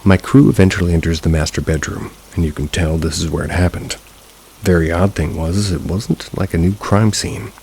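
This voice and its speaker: A man narrating a first-person paranormal story in a steady, low-key manner. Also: moderate pace, creaky, a little hiss or hum, low-quality recording. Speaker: narrator of submitted paranormal stories.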